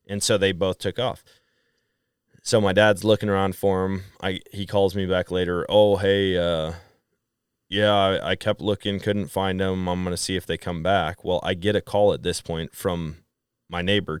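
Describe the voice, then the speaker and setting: Deep-voiced man telling a lively story. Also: moderate pace, smooth, no room sound, clean studio sound. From Wisconsin. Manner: animated storyteller acting out quoted dialogue. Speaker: podcast guest. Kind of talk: casual storytelling chat.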